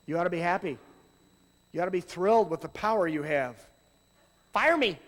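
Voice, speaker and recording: Man, youth ministry speaker, sermon, high voice, animated, loud and then quiet, long hall reverb. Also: fast talker. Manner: animated, swings between loud exclamations and low asides.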